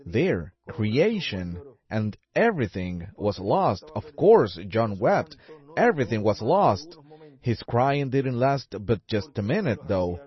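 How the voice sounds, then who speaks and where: Male preacher, animated sermon delivery, dull old recording. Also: lowish voice. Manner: fervent, rising exclamations, drawn-out emphasis.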